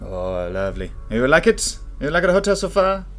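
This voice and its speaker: A man's voice: mid-range voice, sing-song, moderate pace, fairly bright tone, faint music behind. A man voicing an ancient male elevator operator with a hammy, put-on Italian accent, pushy and overfamiliar.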